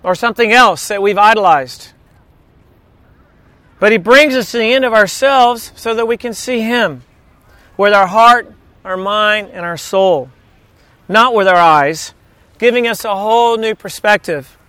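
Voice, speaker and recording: A man's voice: high-pitched, a little slow, pauses often, sharp tone, no room sound. A man preaching a sermon in a conversational, storytelling way, mixing humor into scripture reading. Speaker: pastor.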